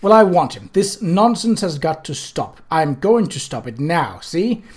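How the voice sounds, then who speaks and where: A reader voicing a gruff, irritable old male servant who gives short, bossy orders in an audiobook reading. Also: mid-range voice, big pitch swings, a little slow, a little mellow. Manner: curt, bossy, snapping.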